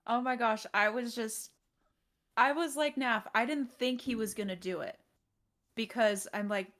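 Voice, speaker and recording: A woman guest in a casual podcast chat, lively and laughing easily. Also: fairly high pitch, unhurried.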